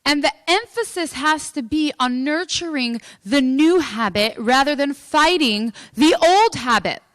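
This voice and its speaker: A woman coach delivers a motivational talk, animated and emphatic, stressing key points. Her voice is high and bright. It is recorded dry and close, with almost no room sound. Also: a little slow, dry recording. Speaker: life coach and speaker. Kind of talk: motivational lecture.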